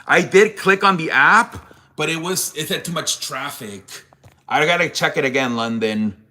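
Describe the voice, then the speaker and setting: A young man with a fairly high, sharp-toned voice talks at normal speed while hosting a live sports stream. He's chatting casually with viewers, and excitement sends him rambling and cursing.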